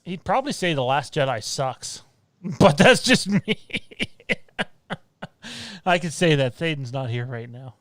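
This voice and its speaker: A man's voice: a little high, big pitch swings, slow pace, pauses often, no echo. A man hosting a casual live-stream chat, rambling with frequent laughs and restarts. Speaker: podcast host.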